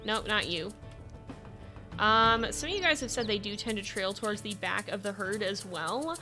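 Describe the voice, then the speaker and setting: With game music running beneath her, a woman livestreams her gameplay in an animated, mid-range voice at a moderate pace. She keeps up a chat with viewers, spurs her animals along, and frequently dissolves into giggles.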